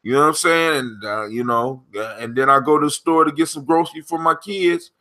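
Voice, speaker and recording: A man's voice: on the high side, fairly quick, pushed and bright. A man hosting a casual talk show, bantering in a laid-back, slangy way. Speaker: podcast host. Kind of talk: casual chat.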